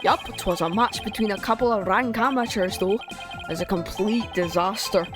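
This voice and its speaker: A woman voicing a grumpy rustic older man in a video game, with a folksy, gruff drawl. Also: mid-range voice, normal speed, music in the background, lightly acted.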